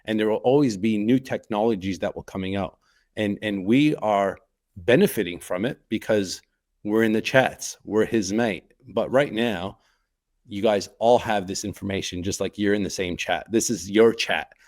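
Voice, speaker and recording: Male co-host, low-pitched, keen and emphatic in casual chat. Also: normal speed. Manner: enthusiastic, repetitive emphasis. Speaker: podcast co-host.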